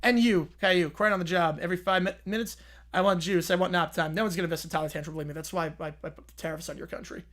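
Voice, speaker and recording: A man's voice: high-pitched, steady tone, very fast, a bit bright. A man voicing a boastful older billionaire boss who repeats short, scornful insults.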